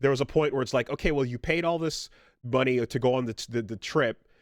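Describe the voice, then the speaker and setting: Animated swearing man telling stories. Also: mid-range voice, brisk, no echo, clean studio sound. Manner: animated storyteller, swears freely, yells quoted voices. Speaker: podcast co-host. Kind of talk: casual chat, storytelling.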